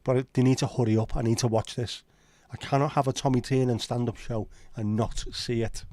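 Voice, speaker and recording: A man's voice: mid-range voice, steady tone, fairly quick, warm tone, dry recording. A man with a Liverpool accent hosting a casual livestream chat, rambling and opinionated with frequent swearing. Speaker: livestream host.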